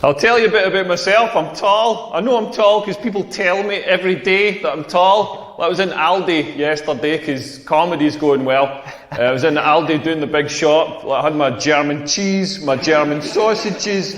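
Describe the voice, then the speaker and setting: A Scottish man doing a stand-up comedy routine on a club stage, with a sardonic, crude delivery and deadpan punchlines. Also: a little high. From Scotland. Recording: roomy hall with long reverb.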